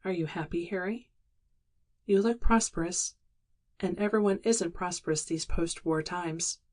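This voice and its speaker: A woman reading the lines of a weary, regretful young working-class woman in an audiobook, in a quiet, resigned and wistful manner. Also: lowish voice, unhurried.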